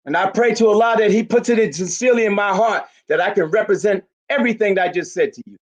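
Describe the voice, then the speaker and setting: Delivering an impassioned public speech at a community rally, this man in his eighties talks fast in a voice pitched notably high for a man. He is forceful and emphatic, frequently climbing to a shout.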